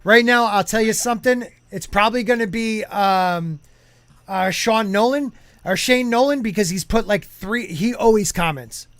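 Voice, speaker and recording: A man with a notably high voice hosts a casual streamed podcast. He rambles, restarts his sentences and reads viewer comments aloud, and the sound is close and dry. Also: normal speed, fairly bright tone, no echo. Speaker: podcast host. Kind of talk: casual live-stream chat.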